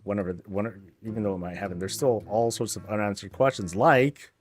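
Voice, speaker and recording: A man's voice: fairly low pitch, fast talker. A man streaming, chatting casually, rambling and joking, swearing freely. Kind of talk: casual chat.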